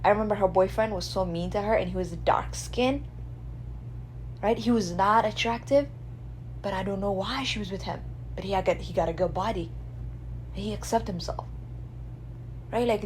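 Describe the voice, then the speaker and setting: A woman from Ethiopia, hosting a radio show in a blunt, animated monologue. She swears freely and keeps asking her listeners "right?". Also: mid-range voice, slight background noise. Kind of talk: casual opinion monologue.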